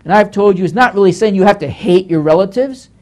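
A man's voice: high voice, fast talker, a little mellow. A male pastor giving a Bible teaching lecture, emphatic and scolding, who often repeats phrases as he works through the text.

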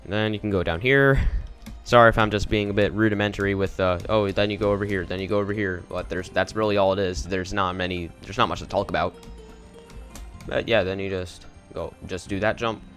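Casual young man narrating gameplay, low voice. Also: steady tone, a little fast, fairly bright tone, faint music behind. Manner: rambling, casual, easily confused. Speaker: game walkthrough commentator.

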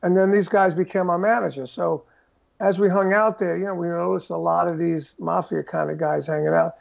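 A very gravelly older man, high for a man, tells stories in a relaxed interview. He throws himself into them, putting on the voices of the people he describes. The recording sounds dull and muffled. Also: a little fast. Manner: animated storyteller who acts out quoted voices. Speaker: guest drummer telling stories. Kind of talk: casual storytelling interview.

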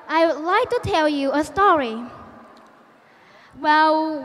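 A young woman from Vietnam with a Vietnamese accent gives a prepared contest speech. She tells a story in a measured, deliberate way and poses questions to the audience. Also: sits high, long reverb tail.

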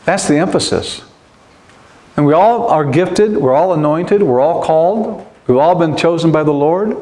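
A man's voice: sits high, animated, fairly quick, a little mellow. A man preaching a sermon as pastor in a church, earnest and emphatic, repeating his key points.

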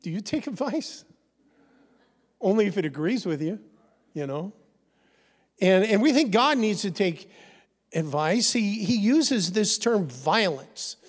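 A middle-aged male pastor preaching with lively energy, calling on the congregation to answer him. His voice sits a little high for a man. It rings out through a church hall with a long reverb tail. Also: measured pace, long pauses. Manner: animated, leads call-and-response with the congregation. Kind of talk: sermon. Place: church sanctuary.

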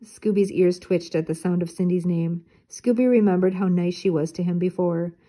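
An older woman reading a children's storybook aloud in clear, even narration. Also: fairly low pitch, normal speed. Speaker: storybook reader.

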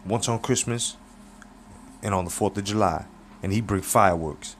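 A man's voice: fairly low pitch, normal speed, slight background noise. A man narrating a story in a loose, profane, casual storytelling manner.

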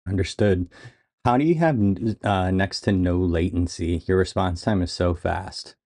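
A man's voice: deep voice, measured pace, darkish tone. A man making a video, talking casually to an AI assistant with plenty of fillers and restarts. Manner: casual, hesitant, filler-heavy. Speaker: video creator. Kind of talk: casual demo chat.

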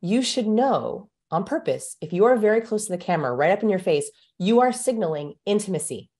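A woman guest expert explaining things in a brisk, emphatic way during an interview. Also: medium pitch, lively intonation, warm tone.

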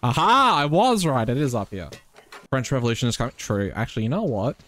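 A man giving loud, joking live commentary as he plays a game, swearing and teasing his chat. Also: mid-range voice, brisk. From Australia. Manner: excitable, swears freely, teasing banter with chat. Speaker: streamer.

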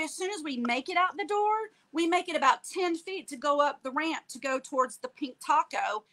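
Animated woman retelling an ordeal. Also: sits high, normal speed, low-quality recording. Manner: animated, acts out quoted dialogue, tags lines with "okay?". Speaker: guest telling her story. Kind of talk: emotional personal storytelling.

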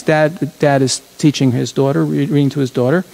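A man's voice: medium pitch, fairly even intonation, fairly quick, gravelly, a little mellow, poor audio. A man leading a congregation in a chatty, reflective sermon, often correcting himself mid-phrase. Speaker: congregation leader.

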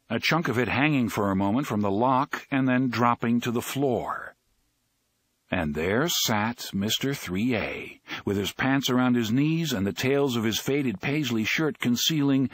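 Male narrator, husky voice, animated intonation, dry close sound, dramatic reading. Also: mid-range voice, a little slow, no echo. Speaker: audiobook narrator. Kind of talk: audiobook narration.

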